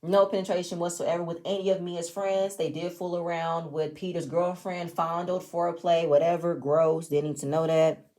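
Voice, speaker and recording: A woman's voice: fairly low pitch, level tone, moderate pace, warm tone. A woman giving casual review commentary on a reality show, blunt, opinionated and often profane. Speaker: reality TV recapper.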